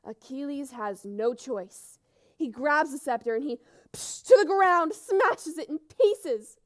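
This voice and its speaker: A woman's voice: high voice, lively intonation, takes it slowly. An actress narrating an epic on stage, switching between chatty asides and dramatic telling, in a live theater performance. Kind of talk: theatrical storytelling. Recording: loud music under the voice.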